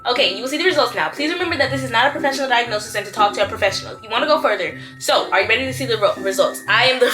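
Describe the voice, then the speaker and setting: Playful dramatic young woman vlogging. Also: on the high side. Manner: playful, dramatic, bursts into laughter. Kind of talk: casual vlog chat. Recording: music playing behind.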